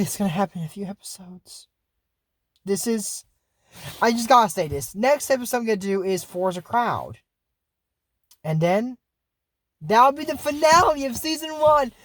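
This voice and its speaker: A YouTuber recapping a cartoon episode in casual, digressive chat full of fillers and asides. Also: mid-range voice. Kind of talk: casual rambling commentary.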